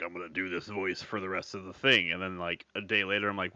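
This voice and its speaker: A man chatting casually on a stream from his craft room, animated and jokey, swearing freely. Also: low-pitched, quick pace, hardly any pauses, dry recording, muffled recording. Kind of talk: casual chat.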